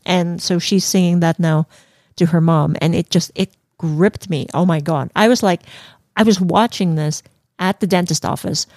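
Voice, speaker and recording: A woman's voice: on the low side, moderate pace, darkish tone, dry recording, studio quality. A woman co-hosting a casual film review podcast, emotional and giggly, with many fillers. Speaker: podcast co-host.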